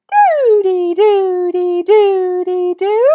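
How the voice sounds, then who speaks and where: A woman music teacher putting on a squeaky, very high silly voice for children to copy. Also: animated, very slow, dark tone, highs cut off, exaggerated voice. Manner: squeaky, playful.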